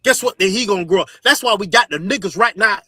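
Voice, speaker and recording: A man preaching forcefully to his listeners, repeating "you understand" and swearing often. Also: high voice, fast talker, dry recording, clean studio sound. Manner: forceful, repetitive, profane. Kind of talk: street sermon teaching.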